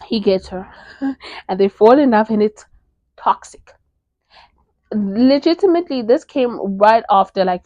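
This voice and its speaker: A woman's voice: medium pitch, dry recording, highs cut off. A young woman from South Africa chatting casually about her favorite books. She gushes and fills her talk with lots of "like"s. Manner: gushing, animated, filler-heavy with many "like"s. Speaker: book reviewer. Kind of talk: casual book recommendation vlog.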